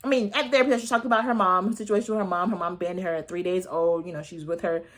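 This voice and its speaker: A woman's voice: on the low side, steady tone. Sassy chatty woman recapping reality TV. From United States. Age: 30s. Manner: sassy and chatty, with slang and quick asides. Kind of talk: casual recap commentary.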